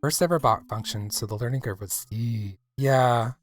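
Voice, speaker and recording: A man's voice: medium pitch, normal speed. A man from the American South, chatting casually with his chat while livestreaming a game. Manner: chatty, rambling, playful.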